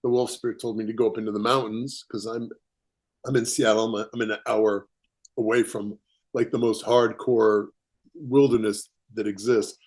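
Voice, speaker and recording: A man, a writer, telling a personal story as a podcast guest, animated and chuckling as he acts out quotes. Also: lowish voice, moderate pace. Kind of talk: casual storytelling interview.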